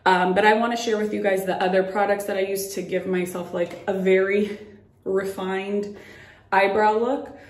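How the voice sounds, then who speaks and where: A woman's voice: medium pitch, fairly even intonation, moderate pace, roomy sound. A young woman chatting through a makeup tutorial at home, a bit out of breath and full of fillers as she demonstrates. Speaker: beauty vlogger. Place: at home by a mirror.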